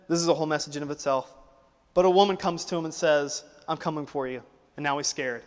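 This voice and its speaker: High-voiced young preacher in a reverberant church. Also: male voice. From United States. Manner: swings from loud preaching to quiet, emotional storytelling. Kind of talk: sermon. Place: church auditorium.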